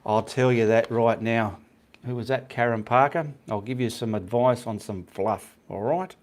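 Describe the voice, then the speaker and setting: On a live painting stream, a middle-aged Australian man reads out comments and chats casually, rambling and frequently saying "okay" to check in. His voice is medium-pitched and a little mellow, at normal speed.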